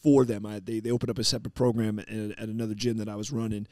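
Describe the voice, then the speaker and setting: A man hosting a podcast, telling stories in a casual, animated way and acting out the people he quotes. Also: fairly low pitch, racing, no room sound, studio quality. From New York. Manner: animated, acts out quoted people, swears freely. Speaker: podcast host. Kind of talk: casual storytelling chat.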